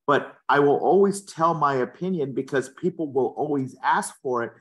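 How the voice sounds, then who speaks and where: A man who works as a real estate agent speaks with passion and firm opinions during a casual interview, frequently repeating words along the way. His voice sits on the high side.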